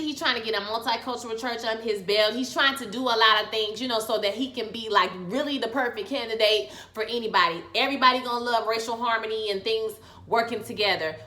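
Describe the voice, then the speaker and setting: Bright-voiced young woman, slangy recap. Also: on the high side. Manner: chatty, slangy, dramatic retelling. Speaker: TV series reviewer. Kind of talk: casual recap and review. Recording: echoey room.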